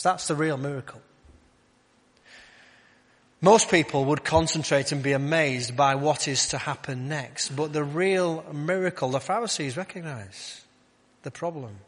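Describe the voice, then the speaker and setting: A man's voice: a little high, measured pace. Man preaching in a reverberant hall. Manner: conversational, rhetorical questions, drops to quiet emphasis. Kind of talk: sermon.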